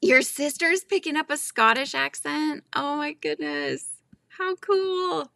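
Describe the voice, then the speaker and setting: A woman's voice: sits high, big pitch swings, measured pace, gravelly, pushed and bright, no room sound, clean studio sound. A middle-aged woman hosting a casual livestream chat, laughing often and reading out viewers' comments. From Northern California. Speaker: host.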